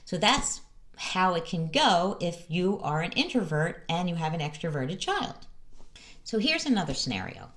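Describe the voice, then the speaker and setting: A woman's voice: fairly low pitch, normal speed. A middle-aged woman hosting a parenting advice vlog in a casual, storytelling way. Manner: lively, animated storytelling with acted-out quotes.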